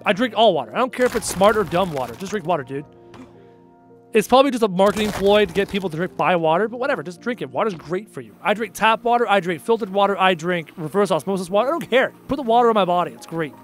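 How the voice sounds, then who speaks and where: A man's voice: sits high, expressive, fast, soft background music. A young man chatting casually on a live stream, answering chat bluntly and repeating phrases for emphasis.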